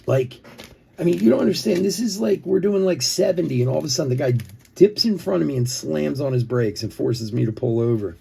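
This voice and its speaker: A slightly high, warm voice with some creak and roughness belongs to this Philadelphia-area man hosting a live card break. He talks briskly with lively intonation, rambling through a story full of chuckles and "like."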